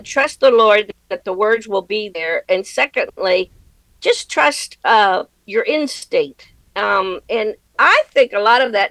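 Brief: middle-aged woman comic as interview guest, gravelly, earnest, dry close sound. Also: mid-range voice, a bit bright, dry recording, rough recording. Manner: earnest and reflective, laughs easily, faith-centered. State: widowed. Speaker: comedian guest. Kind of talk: conversational interview answers.

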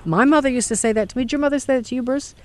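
A woman's voice: sits high, racing. A woman hosting an interview, chatty, prompting her guest with questions. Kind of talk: conversational interview.

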